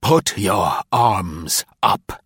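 A man voicing a cold, menacing gunman in an audiobook, speaking clipped and slow. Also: sits low, animated, a bit bright, husky, dry recording, clean studio sound, exaggerated voice. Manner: clipped, threatening.

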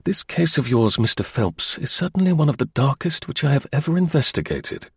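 Man reading as a gravelly, dry-witted detective. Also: mid-range voice, sing-song, no room sound, heavily acted. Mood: confident. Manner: crisp, measured and confident. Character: brisk, dry-witted middle-aged male detective.

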